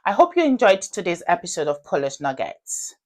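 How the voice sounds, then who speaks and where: A woman's voice: fairly low pitch, big pitch swings, a little fast. A woman hosting a casual chat show, quizzing her guest playfully and signing off to viewers. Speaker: host.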